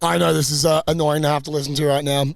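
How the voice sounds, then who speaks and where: A young man co-hosting a podcast, telling travel stories in a lively, laughing, foul-mouthed way. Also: a little high, quick pace, creaky, dry recording. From Australia. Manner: animated, laughing, swearing storyteller. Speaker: podcast co-host. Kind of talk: casual travel storytelling.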